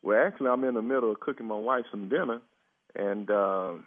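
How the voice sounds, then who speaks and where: A man's voice: lowish voice, a little fast, no echo. Exasperated man laughing over a phone. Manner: exasperated, keeps laughing in disbelief. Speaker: prank call target. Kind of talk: phone conversation. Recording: tinny phone line.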